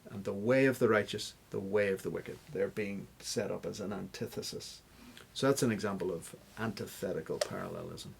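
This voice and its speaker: A man's voice: on the low side, brisk, gravelly, slight background noise. A man answering interview questions as a guest scholar, explaining step by step like a teacher. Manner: teacherly, stops to spell out examples.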